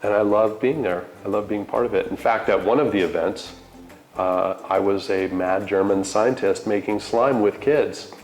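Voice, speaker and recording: An earnest, enthusiastic man speaking as an interview guest, with a somewhat low voice. He talks in a casual, conversational way. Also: normal speed, a little mellow, faint music behind, poor audio. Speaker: TV network CEO, interview guest.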